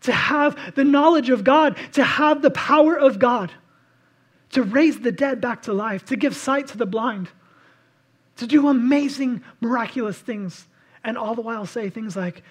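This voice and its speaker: A man preaching a sermon, swinging between loud impassioned outbursts and hushed, intimate reflection. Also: very high-pitched, unhurried, husky. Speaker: pastor.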